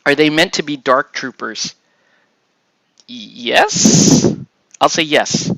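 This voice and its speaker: A man's voice: a little high, expressive, takes it slowly, gravelly, bright, forceful tone, dry recording, rough recording. A man hosting a casual chat while assembling miniatures, rambling and chuckling as he trails off and restarts. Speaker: host.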